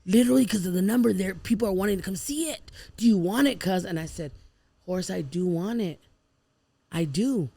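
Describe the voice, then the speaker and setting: A woman's voice: mid-range voice, animated, a little fast, mellow, no echo. A woman guest on a podcast, telling her life story in casual chat and animatedly acting out the people and prayers she quotes. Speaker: podcast guest, food truck owner.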